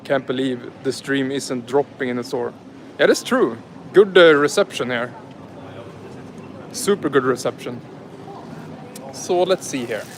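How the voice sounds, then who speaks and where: Speaking in a mid-range voice, the man is unhurried and pauses often while joking around with his live-stream viewers. He goes from driving to shopping in a large grocery store, and the handheld phone recording carries a little hiss or hum.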